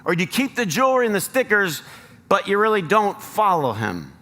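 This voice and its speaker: A man's voice: sits high, huge pitch swings, fairly quick, sharp tone, in a large hall. An American man preaching a sermon as pastor, earnest and rising to emphatic appeals. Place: church sanctuary.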